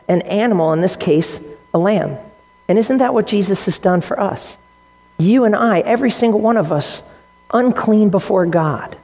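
A woman pastor delivers a sermon in an earnest, teaching manner, leaning on key words for emphasis. Her voice sits at a middle pitch. It rings out with the long reverb of a large church sanctuary. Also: dark tone.

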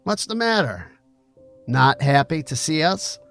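A man's voice: on the high side, very animated, a little slow, creaky, fairly bright tone, clean tone, soft background music, voice pushed up, heavily acted. A man voicing a cruel, mocking male bully who sneers and taunts. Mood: taunting.

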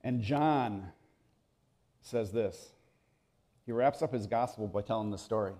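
A man preaching a sermon, telling the story with animated swings between loud bursts and hushed moments. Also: lowish voice, a little slow. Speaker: pastor.

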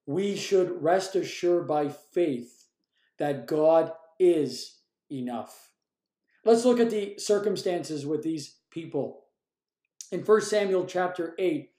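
Earnest high-voiced preacher in echoey room. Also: male voice, dark tone. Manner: earnest, emphatic, varies pace while reading. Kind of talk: sermon with scripture reading.

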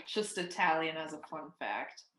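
Young woman, podcast co-host, dry joking manner, bright voice, roomy echo. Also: low-pitched, expressive, moderate pace. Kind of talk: casual chat.

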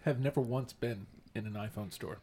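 A man's voice: medium pitch, normal speed, crowd noise. A man in casual podcast chat, dropping in short wry jokes.

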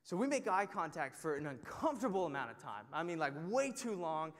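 A man's voice: on the high side, very animated, a little fast. A young man teaching a Bible study, telling a story in a casual, self-mocking way full of filler words. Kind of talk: storytelling sermon. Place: teaching to a group in a large room. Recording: long hall reverb.

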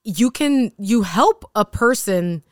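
Animated, smooth-voiced woman teacher telling stories. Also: mid-range voice, slow pace, dry recording, clean studio sound. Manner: animated storyteller who acts out quotes. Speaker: teacher and podcast co-host. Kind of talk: casual podcast conversation.

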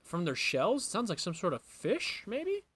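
A man's voice: sits high, huge pitch swings, a little slow, background noise. A young man co-hosting a casual podcast, joking loosely and swearing freely. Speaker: podcast co-host. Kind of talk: casual chat.

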